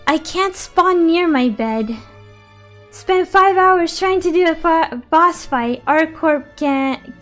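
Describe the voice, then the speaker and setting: A young woman streaming a game, exasperated and swearing as she comments live, switching between English and Spanish. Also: sits high.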